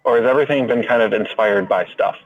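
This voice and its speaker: Low-ish voiced guy co-hosting, skeptical and wry, muffled lo-fi sound. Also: fast. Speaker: podcast co-host. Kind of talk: casual chat.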